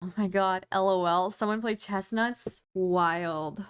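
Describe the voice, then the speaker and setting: A woman's voice: mid-range voice, takes it slowly, smooth, no room sound, studio quality. Streamer woman, casual reaction commentary, teasing and giggly, clean voice. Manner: excitable, mocking, laughs often, swears casually.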